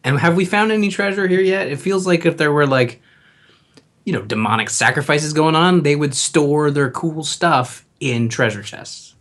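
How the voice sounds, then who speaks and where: A man's voice: a little high, moderate pace, a bit bright. A man playing in a tabletop game, joking with many fillers. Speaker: player. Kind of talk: casual tabletop game chat.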